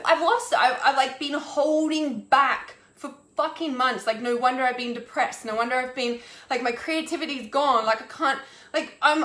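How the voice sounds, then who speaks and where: A woman's voice: high voice, bright, forceful tone, reverberant. A woman, an intuitive healer, ranting on a live stream, exasperated and swearing, with lots of restarts and "like". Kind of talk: angry live-stream rant.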